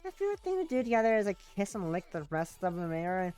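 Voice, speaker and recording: A woman's voice: medium pitch, sing-song, very fast, a little mellow, faint music behind, natural voice. Woman voicing a giddy, clingy childlike girl. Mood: giddy dreamy. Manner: breathless valley-girl rambling, full of "like".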